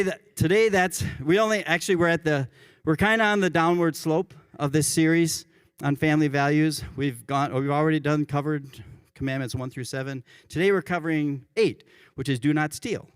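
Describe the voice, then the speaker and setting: A worship pastor giving a conversational church sermon, often correcting himself mid-sentence. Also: male voice, on the high side, clear, resonant tone, no echo, clean studio sound. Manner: conversational, self-correcting, chuckles at his own examples. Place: church sanctuary.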